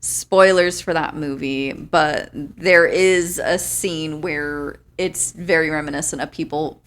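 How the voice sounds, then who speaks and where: A woman's voice: deep voice, fairly even intonation, slow. A woman co-hosting a movie podcast, chatting casually, laughing often and swearing freely. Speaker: podcast co-host. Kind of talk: casual movie review chat.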